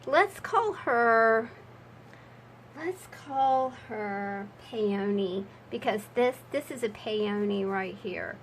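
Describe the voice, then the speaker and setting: A woman's voice: fairly high pitch, animated, extremely slow, slight background noise, low-quality recording. Chatty woman showing her crafts. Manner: chatty, rambling asides with fillers. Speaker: junk journal crafter. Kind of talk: casual crafting vlog.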